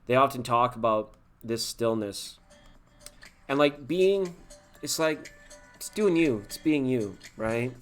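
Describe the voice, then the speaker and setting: A man's voice: medium pitch, slow, faint music behind. A man hosting a live tarot stream in casual chat, talking to viewers by name and laughing often.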